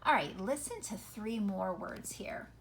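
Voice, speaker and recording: Slow, patient woman teaching phonics. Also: medium pitch, lively intonation. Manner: patient, asks rhetorical questions, stretches out example words. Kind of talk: phonics lesson for children.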